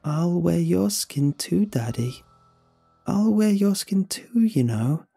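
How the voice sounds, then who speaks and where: A man's voice: sits high, lively intonation, slow, creaky, dark tone, slightly rough, soft background music, pitched above the performer's own voice, full character voice. A man voicing a creepy entity that mimics a little girl, speaking in an eerily sweet, pleading sing-song. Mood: menacing.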